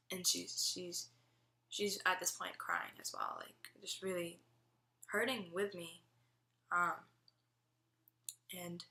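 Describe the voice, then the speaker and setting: A young woman, a student, gives her personal faith testimony in a lowish voice that sounds pushed and bright, with roomy echo around her. She's chatty and leans heavily on "like" as a filler.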